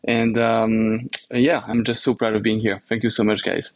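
A man from Normandy with a French accent, a podcast guest who talks in a halting way with many fillers and restarts. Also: on the low side, little pitch movement, no echo. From France, Normandy. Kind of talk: casual podcast interview.

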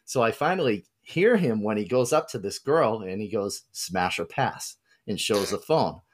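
Low-voiced, laid-back male storyteller. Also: expressive, normal speed. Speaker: podcast co-host. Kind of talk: casual storytelling.

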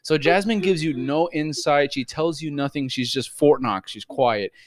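A man in casual podcast chat, animated and swearing, often breaking into impressions. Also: a little high, moderate pace. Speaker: podcast co-host.

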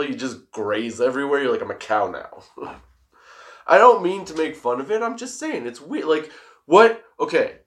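A man's voice: a little high, fairly bright tone. Giggly, laid-back young man. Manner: giggly, rambling, laid-back, swears freely. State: high. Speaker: host. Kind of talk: casual stoner chat.

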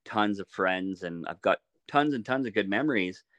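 Low-voiced man telling a hunting story. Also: normal speed, no room sound. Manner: relaxed, laughs while telling stories. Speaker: podcast guest, archery shop owner. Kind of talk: casual storytelling.

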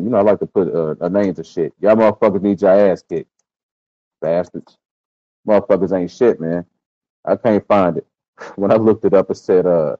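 A man's voice: lowish voice, warm tone. A man hosting a live stream, ranting heatedly and cursing as he talks straight to his viewers. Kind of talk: casual commentary to a live audience. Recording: dull lo-fi sound.

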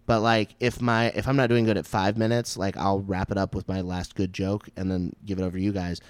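A man, a stand-up comic, telling a story in casual chat, animated and full of swearing and "like" fillers. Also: deep voice, fairly quick, smooth, no echo. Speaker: stand-up comedian.

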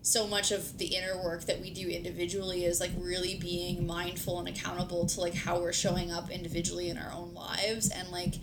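A woman's voice: level tone, brisk, hardly any pauses. A woman hosting a podcast, chatting casually with her partner, filling her speech with "like" and swearing now and then. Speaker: podcast host. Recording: noisy recording with low rumble.

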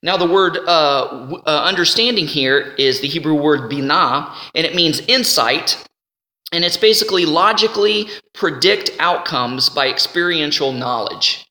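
Man preaching in an echoing hall. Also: fairly high pitch. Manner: animated, conversational teaching with slowed scripture reading. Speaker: Bible teacher. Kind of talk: sermon. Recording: roomy hall with long reverb.

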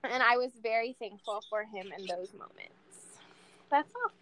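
A woman's voice: fairly high pitch, a little slow, bright, forceful tone. A woman in her late twenties in casual podcast chat, a candid sports fan who swears freely.

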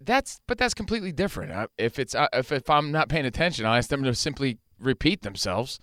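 A man hosting a talk show, arguing his point in casual banter, animated and profane. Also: mid-range voice, a little fast, no room sound, clean studio sound. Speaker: radio show host.

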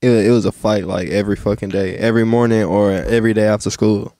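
Man, podcast co-host, dark mellow voice, blunt profane chatter. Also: lowish voice, steady tone, fast talker, dry recording. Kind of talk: casual chat.

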